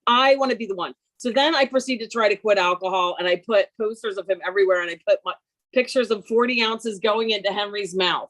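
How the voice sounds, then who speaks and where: A woman in her fifties telling a comic story over a video call, brash, animated and self-mocking. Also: medium pitch. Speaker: workshop participant.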